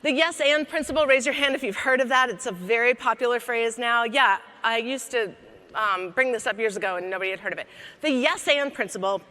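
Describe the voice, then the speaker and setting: A woman comedian and coach giving a lively, joking keynote talk to a conference audience. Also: a little high, fairly quick. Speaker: keynote speaker. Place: large conference hall. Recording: long hall reverb.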